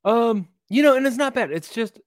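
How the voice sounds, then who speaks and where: A man co-hosting a casual whiskey tasting chat, animated and quick to laugh, acting out quotes. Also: very high-pitched, no room sound, studio quality. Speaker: co-host, whiskey reviewer.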